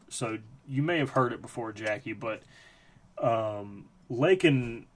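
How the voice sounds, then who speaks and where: Profane rambling male streamer. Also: mid-range voice. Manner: rambling, profane, lots of fillers. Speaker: live stream host. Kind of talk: casual storytelling on a live stream.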